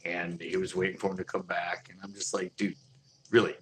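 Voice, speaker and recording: A man tells a story in a low, relaxed voice. He talks in easygoing slang and acts out both sides of the conversation with lively swings. A faint hiss sits under the recording. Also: brisk. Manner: laid-back slang, lots of "dude" and "like". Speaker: boutique owner telling a story. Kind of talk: casual storytelling.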